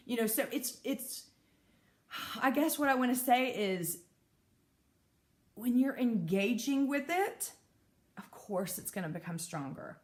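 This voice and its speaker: A woman hosting her own channel and talking candidly to camera, frank and animated, laughing often and acting out anxious inner voices. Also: medium pitch. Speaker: mental health advocate and video host. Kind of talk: candid solo talk to camera.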